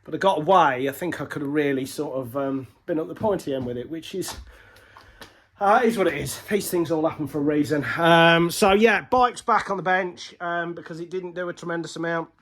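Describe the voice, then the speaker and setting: A man's voice: on the high side, brisk, fairly bright tone. A man recovering from illness, short of breath, giving a rambling casual vlog update from his workshop, full of fillers and restarts. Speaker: motorbike racer vlogging.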